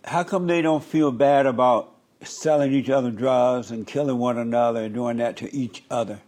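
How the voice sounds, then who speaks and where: A man's voice: medium pitch, fairly even intonation, normal speed, a little mellow. A man hosting an interview show who asks his guest blunt, short questions. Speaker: talk show host.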